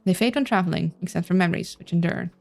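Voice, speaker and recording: A woman's voice: fairly low pitch, fast, creaky. A woman casually playing a narrative game, reading its text aloud with chatty, playful asides and stumbles over names. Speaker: let's-play streamer.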